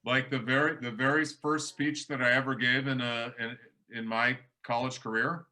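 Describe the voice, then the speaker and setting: A male professor chats loosely through an online workshop, restarting his sentences often. His voice is bright and forceful at an ordinary pitch, heard over a video call. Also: level tone, normal speed. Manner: chatty, many restarts and fillers. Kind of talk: casual workshop talk.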